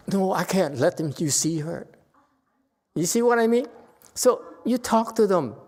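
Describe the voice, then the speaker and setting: A man's voice: high voice, a little slow, long pauses. A man, a Buddhist meditation teacher, giving a Dharma talk to a class, earnest and growing emphatic. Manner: earnest, grows emphatic and animated, with laughs. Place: temple hall. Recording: long reverb of a hall.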